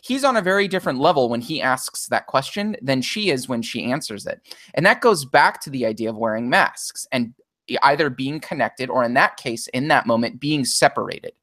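A man's voice: mid-range voice, expressive, a little fast, pushed and bright, no echo, clean studio sound. A man co-hosting a podcast in casual chat, analytical and thinking aloud with frequent restarts. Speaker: podcast co-host.

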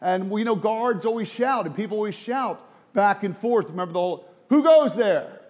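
High-voiced emphatic male preacher. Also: fairly quick. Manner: emphatic, rhetorical questions, swings to near whisper. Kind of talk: sermon.

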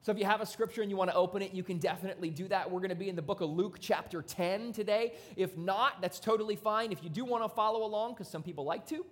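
In church, a pastor preaches a casual, conversational sermon punctuated by sudden loud bursts. His mid-range voice moves fast, with hardly any pauses.

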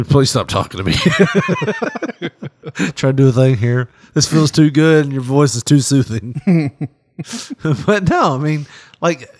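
A man's voice: fairly high pitch, wildly swooping pitch, slow pace, pauses often, slight background noise. A man co-hosting a podcast, joking crudely and laughing often as he talks. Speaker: podcast co-host. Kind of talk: crude comedic banter.

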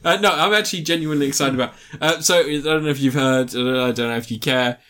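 A man's voice: on the high side, quick pace, bright, forceful tone, clear, resonant tone. A young man hosting a podcast, chatty and sweary, laughing often. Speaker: podcast host. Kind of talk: casual chat.

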